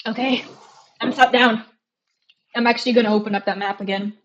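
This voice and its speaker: A woman's voice: a little high, steady tone, normal speed, fairly bright tone, lo-fi sound. A young woman from Romania with a mixed Romanian and British accent, chatting casually and rambling with frequent giggles as a live streamer. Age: young adult. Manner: giggly, rambling, self-mocking.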